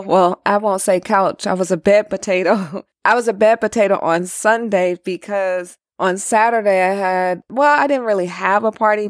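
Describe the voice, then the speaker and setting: A woman's voice: medium pitch, no echo, studio quality. A woman hosting a podcast, chatting casually about her weekend and then recapping race results. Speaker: podcast host.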